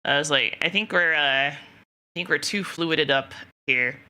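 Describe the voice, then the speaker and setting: Speaking in a low, bright, forceful voice at a measured pace, a young woman streamer tells her chat a casual, rambling story. She laughs frequently and keeps quoting herself.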